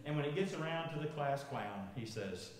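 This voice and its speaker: A pastor in his 50s preaches a sermon in a large, echoey church sanctuary, telling a funny story, chuckling along and asking the congregation questions. His mid-range voice is animated and moves at a normal speed. The long reverb of the church hall and some background noise come through in the recording.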